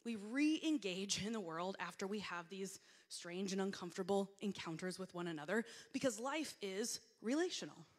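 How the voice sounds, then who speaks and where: A woman's voice: medium pitch, expressive, normal speed. A middle-aged woman giving a conversational sermon, telling self-deprecating stories and acting out her own reactions. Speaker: preacher. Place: church sanctuary. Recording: long hall reverb.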